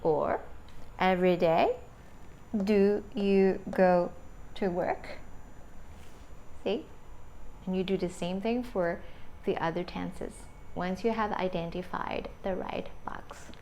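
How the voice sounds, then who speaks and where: Slow-spoken woman teaching English. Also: on the low side, warm tone, a little hiss or hum. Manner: slow, deliberate, modelling intonation with examples. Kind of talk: video lesson.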